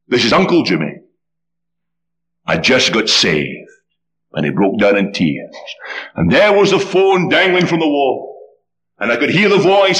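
Animated preacher man telling a story. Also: highs cut off. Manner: animated, swinging pitch, dramatic storytelling. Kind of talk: sermon with storytelling.

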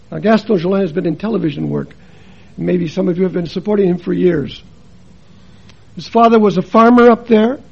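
A man preaching with a high, husky voice. He tells stories in a sermon, shifting between quiet and emphatic delivery. The recording sounds dull and lo-fi. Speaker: preacher and missionary.

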